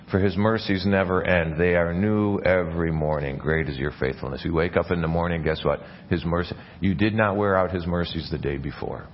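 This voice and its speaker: Deep-voiced pastor preaching in a church. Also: male voice, lo-fi sound, slight background noise. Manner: earnest preaching with frequent restarts and repeated words. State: coughing, something in his mouth. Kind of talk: sermon.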